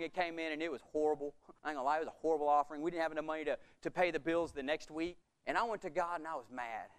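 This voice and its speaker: Man, middle-aged pastor, very high voice, smooth, sermon, acted-out quotes, loud to quiet swings.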